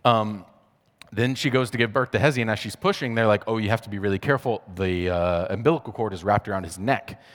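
A man's voice: fairly low pitch, fast talker, in a large hall. A man telling a personal faith testimony in a casual, conversational way, full of fillers and acted-out bits of dialogue. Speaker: speaker sharing a personal testimony. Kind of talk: testimony talk.

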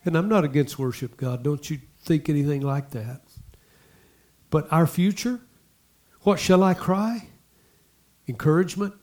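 A man preaching a sermon, talking to the congregation in asides and repeating lines as he builds to loud exhortation. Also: fairly high pitch, lively intonation, measured pace, long pauses. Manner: impassioned, repetitive preaching that swells to loud exhortation. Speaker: pastor.

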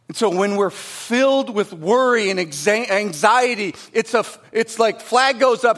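A middle-aged male pastor preaching a sermon, swinging from loud, emphatic lines to hushed, quiet asides. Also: sits high, normal speed, few pauses.

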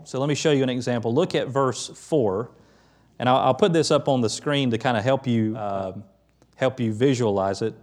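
A middle-aged pastor giving a conversational sermon, quick to lift his voice when quoting the prophets. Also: mid-range voice, darkish tone.

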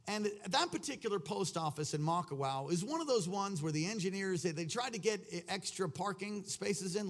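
High-voiced man preaching a rambling sermon. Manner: rambling storyteller with many fillers and restarts; rousing, exhorting. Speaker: pastor.

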